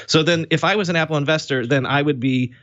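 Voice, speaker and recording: A man on a tech panel, arguing a point quickly in casual talk. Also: fairly high pitch, a bit bright, lo-fi sound. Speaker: panel guest.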